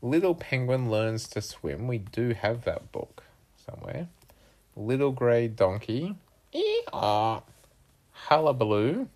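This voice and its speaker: A woman reading picture books aloud to her young child at home in a playful, animated way. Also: very deep voice, measured pace.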